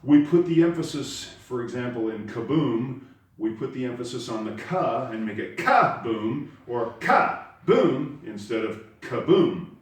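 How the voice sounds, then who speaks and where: With a warm, medium-pitched voice at a moderate pace, a man teaches karate step by step, emphasizing the important words. He speaks far from the microphone in a room with heavy echo.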